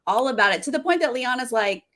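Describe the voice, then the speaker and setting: A woman's voice: on the high side, animated, fast talker, a bit bright. Chatty woman co-hosting a recap. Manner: chatty, jokes and acts out quotes. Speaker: podcast co-host. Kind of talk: casual recap chat.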